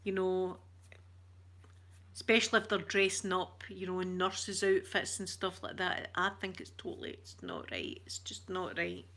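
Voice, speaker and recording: A Scottish woman chatting with her viewers on a live stream, switching between whispers and soft talk. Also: lowish voice, animated, moderate pace. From Scotland. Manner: uses Scottish words like wee.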